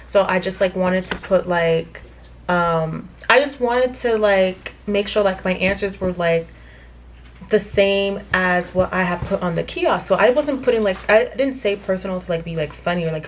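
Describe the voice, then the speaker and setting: A young American woman speaks to camera from a hotel room, telling a travel story in a loose, filler-packed way. Her voice sits slightly low for a woman. She recounts past exchanges with open indignation. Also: moderate pace, a little hiss or hum. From United States. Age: young adult. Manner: chatty, many fillers, recounts dialogue indignantly. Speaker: vlogger.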